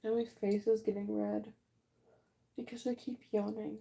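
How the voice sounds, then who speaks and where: A woman in her late twenties chatting casually with viewers while she paints on a livestream. She is relaxed and talks at an easy pace, yawning often as she answers the chat. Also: medium pitch, moderate pace, vocal fry, a little hiss or hum. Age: late 20s. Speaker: livestream artist. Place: art room at home.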